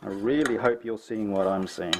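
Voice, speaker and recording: A middle-aged man with a New Zealand accent, chatting and thinking aloud as he paints a landscape, self-mocking and relaxed. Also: lowish voice, moderate pace, very noisy. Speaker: painting tutor. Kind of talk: casual painting tutorial.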